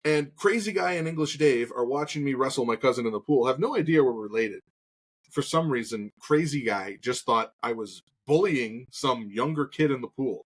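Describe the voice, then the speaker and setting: A man's voice: mid-range voice, lively intonation, normal speed, breathy edge. A man in his thirties co-hosting a casual talk show, telling a story with lots of swearing and acted-out quotes. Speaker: podcast co-host.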